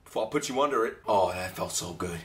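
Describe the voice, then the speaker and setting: A young man reacting to an anime episode, loud and excitable, swearing and shouting at the screen. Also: lowish voice, fast talker, faint music behind. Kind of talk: live anime reaction commentary.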